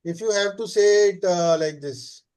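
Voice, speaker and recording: High-voiced teacher. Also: male voice, a little mellow, clean tone. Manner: explains slowly, checks with frequent "okay?"; many "uh" fillers. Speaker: German teacher. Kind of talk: live class lesson.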